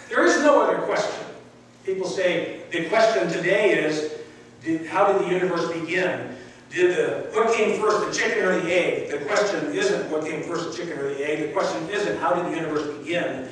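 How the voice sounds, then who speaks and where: A male pastor preaching a sermon, stressing key words and repeating phrases with pauses. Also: on the high side, fairly bright tone, recorded from a distance, a little hiss or hum. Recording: echoey room, heard from afar.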